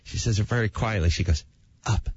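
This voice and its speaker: A man, a talk show guest, telling a playful, self-mocking comic anecdote in a husky voice. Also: mid-range voice, lively intonation, moderate pace, highs cut off.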